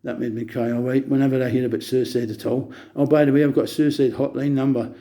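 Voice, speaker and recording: Dark-voiced man ranting manically. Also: mid-range voice, fairly even intonation, quick pace. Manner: manic, jumping between topics, preachy. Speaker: vlogger. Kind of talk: rambling monologue to camera.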